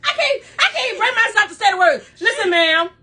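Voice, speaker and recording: A mother reacting to a prank, loud and indignant, laughing and swearing through her protests. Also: extremely high pitch, animated, fairly quick, low-quality recording. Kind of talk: casual outburst on camera.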